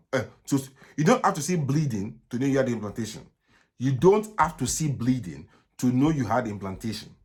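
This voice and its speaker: A man with a Nigerian accent, a gynaecologist answering viewers' questions live in brisk, repetitive bursts, often checking "okay?". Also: mid-range voice. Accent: Nigerian English. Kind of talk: live Q&A stream.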